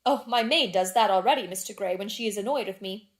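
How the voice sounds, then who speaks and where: A woman reading the part of a lively young duchess in a classic novel, chatting in playful society banter. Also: mid-range voice, quick pace, natural voice. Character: lively, teasing young aristocratic Victorian duchess.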